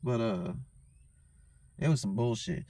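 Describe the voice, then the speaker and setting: A man's voice: on the low side, measured pace, warm tone, dry recording. A tipsy man hosting his own show, telling a story in a heated, profane rant and often asking "you know what I'm saying". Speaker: host.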